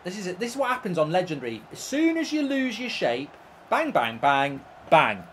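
A man's voice: sits high, huge pitch swings, moderate pace, a little hiss or hum. A man streaming gameplay, ranting and swearing in exasperation as he commentates. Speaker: streamer and host.

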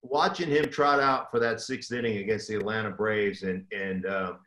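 A man's voice: on the low side, steady tone, moderate pace, bright, forceful tone. An older man, a former pro football player, telling a rambling, self-deprecating story as a guest. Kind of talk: casual storytelling. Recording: roomy echo.

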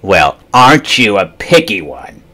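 A man voicing a sassy female monster with a raspy voice and a snappish, loud delivery. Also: lowish voice, lively intonation, takes it slowly, exaggerated voice.

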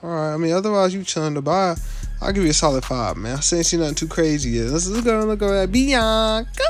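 A young man with a somewhat high, very lively voice that swings up and down, riffing bluntly in loose slang as he rates viewers' avatars. His delivery is jokey and unfiltered, packed with casual tags. Faint music plays underneath. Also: fast. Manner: slangy, joking and blunt, with many filler tags. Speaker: YouTuber rating viewers' avatars. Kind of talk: casual reaction commentary.

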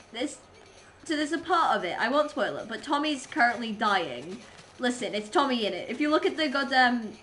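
A woman's voice: a little high, a bit bright, a little hiss or hum. A young adult woman streamer chatting casually while gaming, rambling and silly as she goes. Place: home streaming setup.

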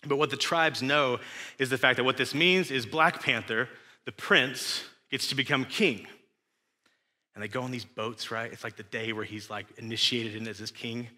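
A man's voice: medium pitch, sharp tone. A young man with a West Texan accent preaching a sermon as pastor, in a casual, chatty way with asides to the congregation. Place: church sanctuary. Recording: long reverb of a church hall.

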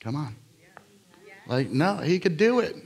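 A man preaching a live sermon in a church, telling healing stories in an energetic, jokey, rambling way full of fillers and restarts. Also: fairly high pitch, unhurried, gravelly, breathy edge. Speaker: guest preacher. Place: church sanctuary.

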